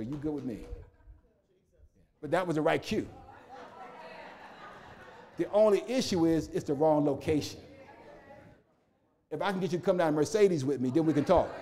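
A man's voice: fairly high pitch, mellow. A male pastor a sermon in a rhythmic, repetitive style with humorous asides.

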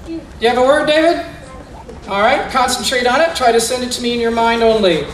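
A man's voice: very high-pitched, fairly quick, fairly bright tone, a little hiss or hum. A man performing as a magician for a school audience, coaxing child volunteers through mind-reading tricks with playful, theatrical patter. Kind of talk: live stage patter with young volunteers. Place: school room or gym, indoors. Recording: echoey room, voice from far off.

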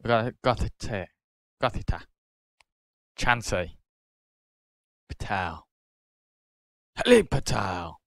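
A British man hosting a card-opening video, casually calling out each card and getting excited over good pulls. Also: fairly low pitch, slow pace, long pauses, dry recording, clean studio sound. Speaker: card-opening channel host.

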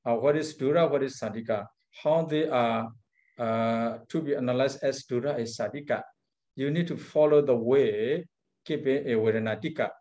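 A man who is a monk teacher, leading an Abhidhamma class in halting English, chanting Pali phrases with careful pauses. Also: medium pitch, mellow, lo-fi sound.

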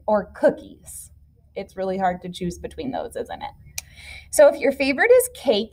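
A woman's voice: medium pitch, a little mellow. A woman teacher patiently explaining a classroom activity step by step to young children. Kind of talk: classroom instruction video.

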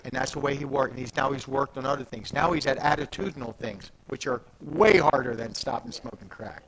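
A man's voice: medium pitch, fairly quick, crowd noise, poor audio. A man preaching a sermon at a church service, talking in an emphatic, conversational way with restarts and asides. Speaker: pastor.

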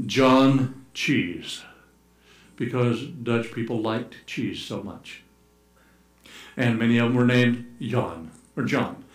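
Man, pastor, sermon, playful storyteller, mid-pitched voice, echoey sanctuary. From United States. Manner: storytelling, playful, acts out shouted calls. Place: church sanctuary. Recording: echoey church room.

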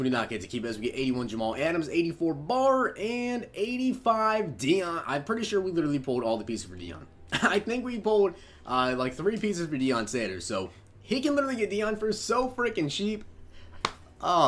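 A young man commenting on his own game pack openings, casual and animated, shouting with excitement at big pulls. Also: on the high side, a little fast. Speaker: gaming YouTuber opening packs.

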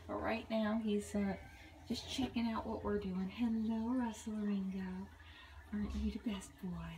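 A woman who runs a cat boarding business, giving owners casual updates and baby-talking to the cats in a cooing sing-song with soft whispers, filmed on a phone. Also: mid-range voice, moderate pace, far from the mic, noisy background. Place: indoor cat boarding room. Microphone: handheld phone camera. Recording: echoey room, phone mic held off.

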